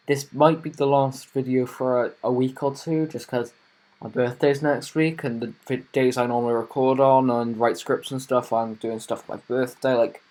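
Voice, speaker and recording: A man's voice: mid-range voice, darkish tone. A young man hosting a casual car review vlog, talking in a rambling, chatty way with plenty of fillers.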